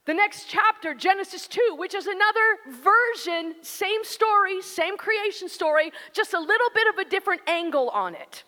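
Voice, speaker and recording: High-voiced woman preaching in a reverberant hall. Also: animated, normal speed, few pauses, sharp tone. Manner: conversational, emphatic preaching that addresses the listeners directly. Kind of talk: sermon.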